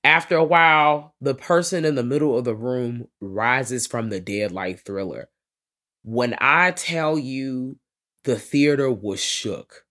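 A man co-hosting a podcast, recapping horror films in casual, animated chat full of slang and swearing. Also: medium pitch, slow pace. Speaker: podcast co-host.

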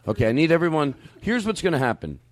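A man's voice: on the high side, big pitch swings, fast talker, music in the background. A man hosting a comedy show, brash and cursing in loose, stop-start banter. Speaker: comedy podcast host.

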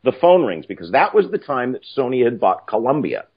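An older man telling stories casually, animated and profane, acting out other people's lines. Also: mid-range voice, brisk, slightly rough. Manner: animated, profane, acts out quoted voices. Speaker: film writer-director guest. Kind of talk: casual anecdotal storytelling. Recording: muffled lo-fi audio.

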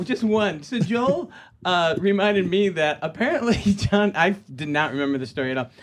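A male podcast guest who tells anecdotes, laughing and filling gaps with hesitant fillers. His voice is a touch high for a man, with faint noise behind it. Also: fairly bright tone. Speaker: guest, filmmaker. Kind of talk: casual anecdote telling.

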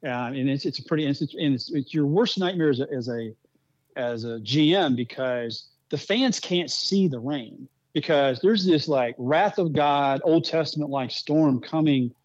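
A man interviewed as a speedway executive, telling animated anecdotes with many restarts. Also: on the high side, measured pace, no echo, dull audio. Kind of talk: interview storytelling.

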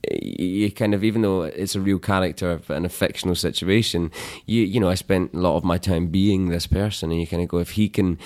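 Deep-voiced Scottish man, thoughtful. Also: fairly even intonation, darkish tone. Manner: thoughtful, halting, laughs easily. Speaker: actor guest. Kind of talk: relaxed interview chat.

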